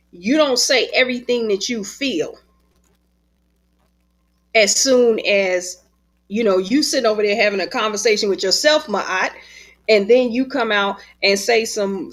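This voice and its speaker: A woman author and spiritual teacher speaks in a relaxed, conversational way over a video call. Her voice sits a bit high, and she tells stories with lots of expression and frequent laughter. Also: slow pace. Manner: animated, expressive storyteller who laughs often. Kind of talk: casual conversation.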